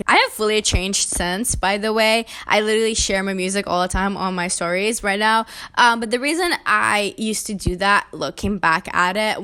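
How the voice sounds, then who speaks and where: A woman's voice: medium pitch, sharp tone. A young woman from an Arabic-speaking country, talking frankly in a casual opinion vlog with chatty, self-deprecating asides. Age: young adult. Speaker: vlogger.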